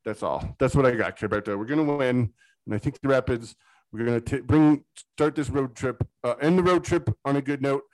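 A man co-hosting a casual sports podcast, excitable and rambling, going off on tangents with hype talk. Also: medium pitch, brisk, no echo, rough recording. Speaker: podcast co-host.

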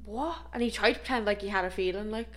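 A young woman with an Irish accent, swapping stories on a casual podcast. She reacts fast and swears now and then. Her voice is mid-pitched. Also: steady tone, a crowd in the background. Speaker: podcast co-host. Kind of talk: casual chat.

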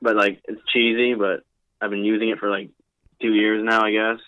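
A man's voice: lowish voice, little pitch movement, moderate pace, no echo, narrow, tinny audio. A young man in his twenties, a wrestler guesting on a podcast, rambling casually with lots of fillers. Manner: loose, rambling, heavy on fillers.

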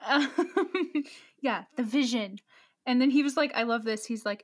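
Woman co-host, higher voice, wry sidekick energy in a casual chat. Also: a little slow. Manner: wry, joking interjections. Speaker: podcast co-host. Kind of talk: casual book recap chat.

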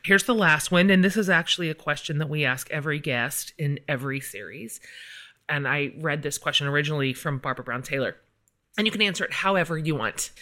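A woman host with a bright, forceful voice leads a casual podcast interview. She talks in an upbeat, chatty way and keeps affirming her guest. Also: sits low, fast.

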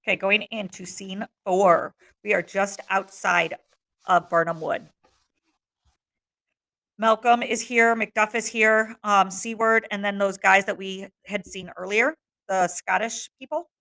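A woman's voice: medium pitch, steady tone, unhurried, pushed and bright. A woman teacher reading a play aloud to students and breaking off into casual explanations with fillers. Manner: casual asides with fillers between dramatic readings.

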